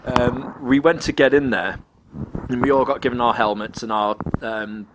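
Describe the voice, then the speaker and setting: A man's voice: medium pitch, normal speed, noisy background. Man telling a rambling story. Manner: rambling, laughing often, acts out quoted voices. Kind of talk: casual anecdote.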